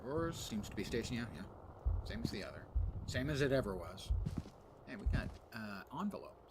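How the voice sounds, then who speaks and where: A man's voice: medium pitch, sing-song, a little fast. A man streaming a puzzle game live, reading its text aloud, muttering to himself and making dry jokes to his chat. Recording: audible background noise.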